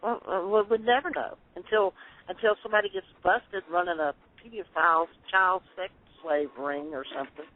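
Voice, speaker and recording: A woman's voice: lowish voice, moderate pace. A woman co-hosting a talk radio show, speaking in emphatic, repeated phrases. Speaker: radio co-host. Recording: tinny phone-like audio.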